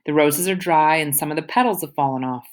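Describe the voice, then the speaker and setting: A woman reads a novel aloud in the first person, casual and youthful in tone. Her voice sits low. The telling is steady audiobook narration. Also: fairly quick.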